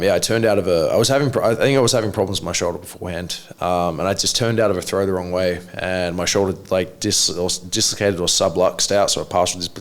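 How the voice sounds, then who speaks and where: A man, a martial arts coach, telling stories as a podcast guest. He rambles with many restarts and swears freely. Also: deep voice. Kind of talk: casual podcast storytelling.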